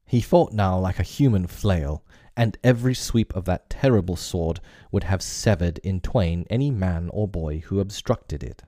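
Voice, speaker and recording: A man with a very low, mellow voice reads a classic story aloud. His narration is measured and expressive, recorded dry and close with no room sound. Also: no room sound.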